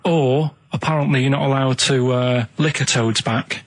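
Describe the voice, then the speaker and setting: A man in casual radio banter who tells rambling stories, halting with many fillers and restarts. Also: medium pitch, steady tone, background noise. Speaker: radio show regular.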